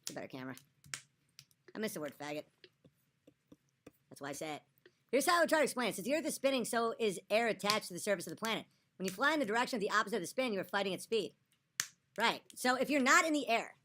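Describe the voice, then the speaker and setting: A woman's voice: high voice, a bit bright. A tipsy woman ranting and arguing on a livestream, agitated and profane. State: tipsy after a few drinks. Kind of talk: livestream rant.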